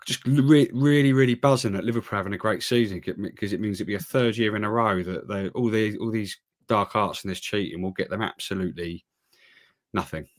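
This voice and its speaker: A man's voice: lowish voice, fairly quick, dry recording, clean studio sound. A man co-hosting a football podcast, giving opinions in casual chat with many fillers and restarts. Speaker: podcast co-host.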